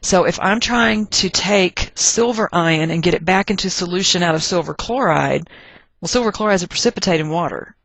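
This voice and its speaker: A woman's voice: on the low side, brisk, a bit bright, no echo. A woman teaching a chemistry lesson, chatty and thinking aloud as she works through problems. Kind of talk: recorded chemistry lecture.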